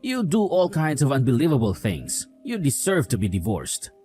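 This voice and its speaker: A woman's voice: rumbling low, wildly swooping pitch, moderate pace, dark tone, soft background music, full character voice. A woman voicing a hot-tempered husband who scolds. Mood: scolding, accusing. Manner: accusing, scolding. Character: angry young husband, mother-loyal, hot-tempered. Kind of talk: dramatized story dialogue.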